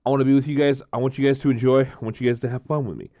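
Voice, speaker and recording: A man chatting casually to camera while tasting drinks, rambling, repeating himself and filling pauses with frequent "uh, um" sounds. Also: mid-range voice, fairly even intonation, dark tone, no room sound, highs cut off.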